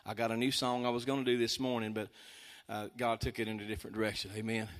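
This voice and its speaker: A man from East Texas with an East Texas accent, preaching a testimony sermon as a singing preacher, telling a story and breaking into shouts of praise. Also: lowish voice, flat delivery, quick pace.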